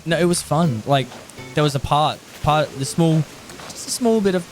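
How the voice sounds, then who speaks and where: A man's voice: a little high, lively intonation, moderate pace. A man streaming a game, chatting casually in a rambling way and laughing often. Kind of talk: casual chat while playing. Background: background music.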